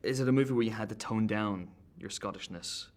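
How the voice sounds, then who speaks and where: A man's voice: fairly low pitch, a little fast, darkish tone. A man interviewing an actor in a chatty, jokey way who laughs often. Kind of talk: casual interview questions.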